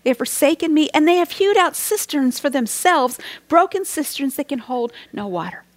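A woman's voice: high-pitched, lively intonation, normal speed, no room sound. A middle-aged woman giving a devotional sermon as a Bible teacher, earnest and reflective, sometimes dropping to a near whisper.

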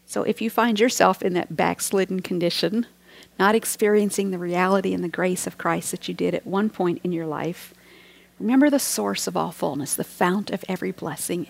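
A woman's voice: medium pitch, vocal fry. A middle-aged woman giving a devotional sermon as a Bible teacher, earnest and reflective, sometimes dropping to a near whisper.

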